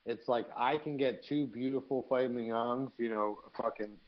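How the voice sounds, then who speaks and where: A man co-hosting a live podcast, telling profane, animated stories in casual chat. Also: mid-range voice, normal speed, lo-fi sound. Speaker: podcast co-host.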